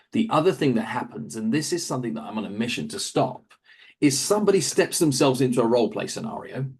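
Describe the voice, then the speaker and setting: Man, coach type, husky timbre, energetic explainer, mid-pitched. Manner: animated, acts out quick asides in other voices. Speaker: real estate coach, guest. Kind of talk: interview answer, coaching talk.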